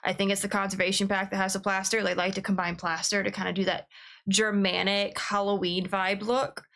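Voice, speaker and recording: A young woman streaming a game, chatting in a rambling, excitable way and laughing often. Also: mid-range voice, a little fast. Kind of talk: casual livestream chat.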